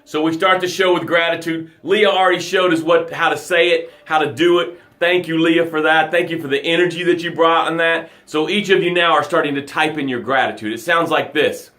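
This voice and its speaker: Energetic man giving a motivational talk. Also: a little high, a little fast, hardly any pauses. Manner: energetic and emphatic, acts out voices. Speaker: motivational speaker. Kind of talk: live motivational broadcast.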